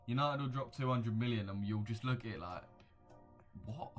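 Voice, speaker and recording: A man's voice: mid-range voice, quick pace, faint music behind. A young man, chatting casually on a livestream and answering viewers with blunt, slangy banter. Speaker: livestream host. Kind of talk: casual livestream chat reacting to viewer comments.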